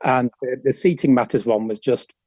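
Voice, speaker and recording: A man's voice: medium pitch, fairly even intonation, moderate pace, darkish tone, no echo, studio quality. A man with a northern English accent, a podcast guest talking casually and thoughtfully, with some stammered restarts. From northern England. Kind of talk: casual interview talk.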